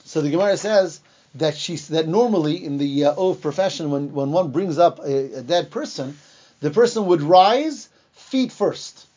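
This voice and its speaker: Telling a Bible story with energy, an expressive Torah teacher performs the quoted lines in a high, mellow voice with a breathy edge. Now and then he stops with fillers and starts over, all on a dull, lo-fi recording.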